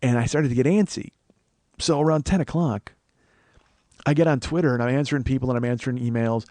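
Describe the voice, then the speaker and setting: A man in his forties telling a comedic story, rambling and profane, correcting himself as he goes. His voice sits mid-pitch and sounds dry and close to the mic with no room sound. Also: fairly quick, dark tone, no echo. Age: 40s. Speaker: podcast host.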